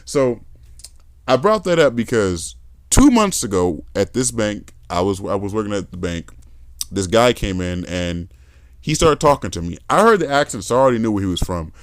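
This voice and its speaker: A young adult man hosting a podcast, chatting casually and telling animated stories with accent imitations. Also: lowish voice, normal speed, no echo, clean studio sound. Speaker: podcast host. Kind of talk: casual conversation.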